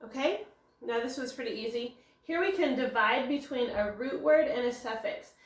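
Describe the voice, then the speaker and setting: A woman's voice: fairly high pitch, animated, moderate pace. A woman teacher giving a recorded phonics lesson, explaining step by step and answering her own questions. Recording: echoey room.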